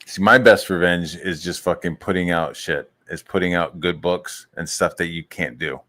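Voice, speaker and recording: Male streamer on an angry, profane rant; lowish voice, mocks rivals in falsetto. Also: fairly even intonation, moderate pace, pushed and bright. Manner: angry, swearing, mocks others in high put-on voices. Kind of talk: profane ranting monologue.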